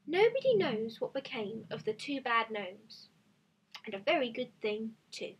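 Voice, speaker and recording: Husky, fairly high-voiced woman for calm children's storybook narration. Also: a little slow. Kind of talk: reading a children's story aloud.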